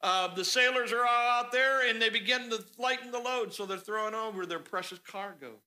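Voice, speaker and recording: A man preaching a sermon in a church, telling the story in an animated, conversational way. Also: sits high, a little fast, rough recording. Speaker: pastor. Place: church sanctuary.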